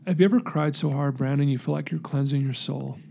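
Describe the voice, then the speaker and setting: A man telling his recovery story in an interview, earnest and animated, acting out the voices in his story. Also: mid-range voice, quick pace, vocal fry, a little hiss or hum.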